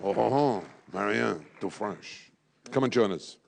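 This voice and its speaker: A man's voice: lowish voice, a little slow, vocal fry, darkish tone. A man emceeing a live event, jovial and teasing, sprinkling in French phrases. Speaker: event host at a draw.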